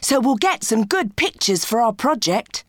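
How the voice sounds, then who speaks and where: An eager schoolboy, keen and urgent, played by a woman reader. He speaks a little higher than her own voice, slowly and with lots of melody, in a dry close recording. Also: big pitch swings, no echo.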